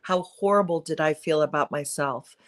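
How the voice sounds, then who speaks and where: A middle-aged woman with a lowish voice talks openly in an interview. Her delivery is earnest and confessional, and she leans into emphatic, pleading phrases when she urges listeners to act. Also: normal speed. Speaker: guest, perinatal mood disorder speaker. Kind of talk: candid interview conversation.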